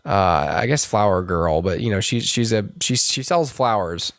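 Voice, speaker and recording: A man's voice: lively intonation, normal speed, dry recording, clean studio sound. A man co-hosting a casual movie review podcast, rambling with lots of restarts and fillers. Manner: rambling, many restarts and fillers, puts on high voices to quote characters. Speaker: podcast co-host.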